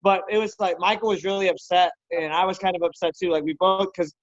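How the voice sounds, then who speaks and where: A man co-hosting a podcast over a video call, talking in a halting way with many restarts. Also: high voice, steady tone. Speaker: podcast co-host. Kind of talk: casual chat. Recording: dry, dull lo-fi video call audio.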